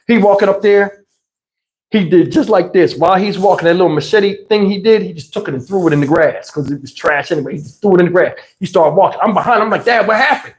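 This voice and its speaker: A man's voice: sits high, fast talker, a little mellow, reverberant, poor audio. A man telling a comic family story on a livestream, slangy and profane. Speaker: livestream host.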